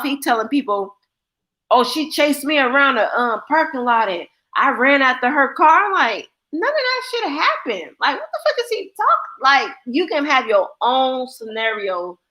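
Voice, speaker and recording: A woman's voice: fairly high pitch, animated, measured pace, pushed and bright. A young adult woman hosting a livestream, telling blunt, profane stories and acting out the people in them. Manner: blunt, profane storytelling with quoted voices. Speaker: livestream host. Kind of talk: casual chat.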